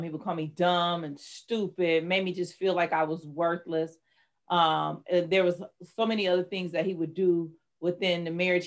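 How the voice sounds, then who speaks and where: A middle-aged woman, a life coach and author, telling her personal story candidly and with strong emotion in an interview. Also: fairly low pitch. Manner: candid, emotional, dramatic retelling.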